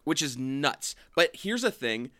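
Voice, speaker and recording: A man's voice: mid-range voice, sing-song, a little slow, fairly bright tone. A man co-hosting a podcast, ranting profanely and jokingly in casual chat. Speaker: podcast co-host.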